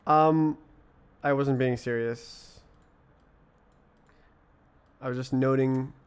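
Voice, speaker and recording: A man's voice: mid-range voice, steady tone, extremely slow, clear, resonant tone. A young British man live-coding on stream, thinking aloud in a casual, puzzled way and answering his chat between mutters to himself. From Britain.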